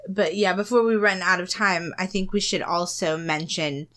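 Lower-voiced woman co-host, laughing easily. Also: normal speed. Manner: relaxed, laughs often, steers the topic. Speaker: podcast co-host. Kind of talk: casual chat.

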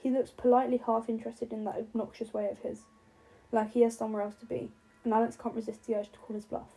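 A woman narrating a novel aloud, now and then stumbling over a word and starting it again. Her voice is husky and mellow, pitched fairly high. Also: level tone, fast talker, rough recording. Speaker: audiobook narrator.

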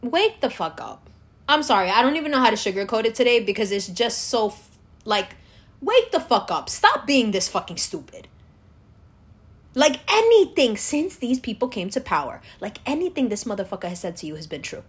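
A woman's voice: a little high, very animated, brisk, breathy edge. A woman delivering an angry, profane political rant, scornfully lecturing the viewer directly. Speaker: political commentator.

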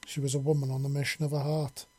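A man narrating an audiobook story in a steady storytelling manner. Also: mid-range voice, fast, slightly rough.

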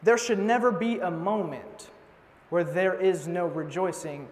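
High-voiced young man preaching in a hall. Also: measured pace. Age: young adult. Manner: casual, joking, animated storytelling. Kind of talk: sermon. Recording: long hall reverb.

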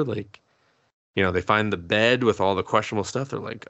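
A man with a low, gravelly voice and a bright, forceful edge tells the story of an episode to his co-host. He swears freely and slips into acted-out quotes as he goes, in a loose, casual podcast chat. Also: a little fast, lo-fi sound. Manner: profane, animated storytelling, acting out quotes. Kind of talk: casual recap of an anime episode.

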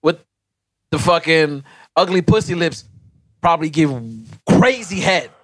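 A man in loud, profane casual banter, laughing often. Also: a little high, measured pace.

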